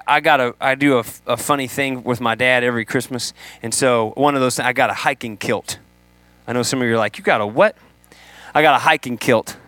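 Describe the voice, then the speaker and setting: A man preaching a sermon to a room, animated, acting out the people he quotes. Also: mid-range voice, dry recording. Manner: animated, acts out quoted voices.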